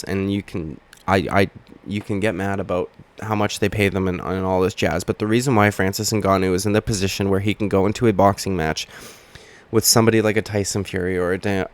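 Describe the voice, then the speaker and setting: A man hosting a heated, profane commentary video, talking straight to his camera as he argues his points. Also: low voice. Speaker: MMA commentary channel host. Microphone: webcam or camera mic.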